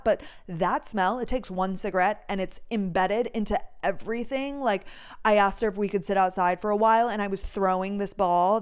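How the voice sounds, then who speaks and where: A young woman from North Dakota hosts a casual solo podcast. Her voice is smooth and clear at a middle pitch, and she rambles through stories with a constant "like" and a loose swear now and then. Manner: rambling, heavy use of "like", swears freely. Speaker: podcast host. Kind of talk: casual storytelling chat.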